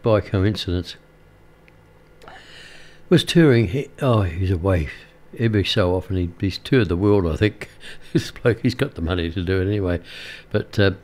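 A man's voice: deep voice, moderate pace, a little mellow. An older man, a radio presenter chatting casually and rambling with many fillers and restarts.

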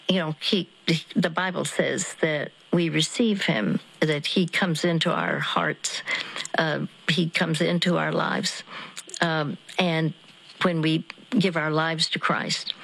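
A woman counseling a caller on a call-in radio show, guiding slowly and gently. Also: low-pitched, steady tone, creaky, low-quality recording.

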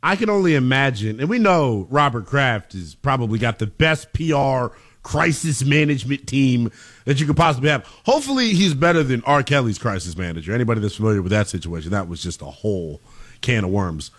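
A man co-hosting a sports talk show, arguing his point in an animated, incredulous way. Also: mid-range voice, brisk. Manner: animated and incredulous, rising to near shouts. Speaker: co-host.

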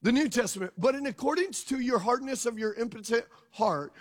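A man's voice: very high-pitched, lively intonation, brisk. A male pastor preaching a sermon, emphatic and calling out questions to his congregation. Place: church sanctuary. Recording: long reverb of a large hall.

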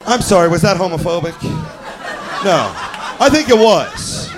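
A man's voice: high voice, lively intonation, unhurried, long pauses, crowd noise. A man performing crude, self-mocking stand-up comedy. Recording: live club mic with noise.

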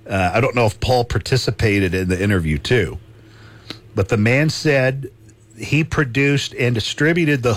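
Guy hosting talk radio, chatty, laughs a lot, repeats stuff, middle pitch. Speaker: radio talk show host. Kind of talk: casual talk radio chat.

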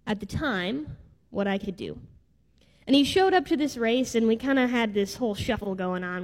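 A woman's voice: medium pitch, darkish tone. Heartfelt woman preaching in a reverberant hall. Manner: heartfelt, personal storytelling. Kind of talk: sermon storytelling. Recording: long reverb of a large hall.

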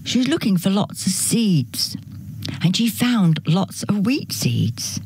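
Woman reading a kids story slow, breathy voice, very bouncy pitch. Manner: gentle, expressive read-aloud.

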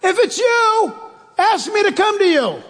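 A man voicing a big, burly, bumbling fisherman who speaks out boldly, loud and eager, with a raised pitch. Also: very animated, measured pace, in a large hall, full character voice.

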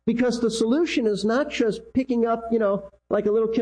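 Emphatic preacher with a husky mellow voice. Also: male voice, a little fast, poor audio. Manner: emphatic preaching, repeats key lines, pitch swings. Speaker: pastor. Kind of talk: sermon.

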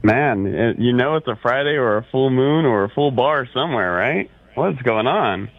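A man's voice: medium pitch, expressive, normal speed. Man, radio caller, needling and teasing, tinny phone sound. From Orange County, California. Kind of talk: call-in radio banter.

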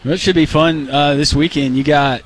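A man co-hosting a radio show in casual banter, joking and animated. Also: a little high. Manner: joking, animated, quick to laugh. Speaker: radio co-host.

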